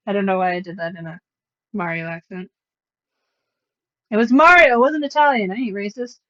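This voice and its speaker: A woman's voice: medium pitch, brisk, pauses often, muffled recording. A woman livestreamer chatting casually, rambling with sarcastic, self-mocking asides.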